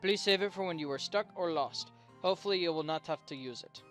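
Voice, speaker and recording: A man's voice: fairly high pitch, quick pace, a bit bright, faint music behind, lightly acted. A man voicing a humble, polite female trader in a video game, speaking in stiff, formal phrases with a vague foreign lilt. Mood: courteous. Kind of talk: reading game dialogue aloud.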